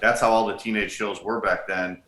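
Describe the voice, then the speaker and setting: A middle-aged man co-hosting a podcast, recounting details and dates in a steady, casual way. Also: lowish voice, moderate pace. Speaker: co-host and bodybuilding historian. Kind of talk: casual conversational chat. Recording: echoey room.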